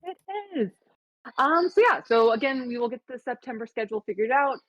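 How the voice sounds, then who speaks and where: Woman chatting on a game stream, higher voice, really dry close mic. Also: lively intonation, quick pace, no echo, highs cut off. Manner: chatty, laughing often, trailing off. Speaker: stream co-host. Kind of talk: casual stream chat.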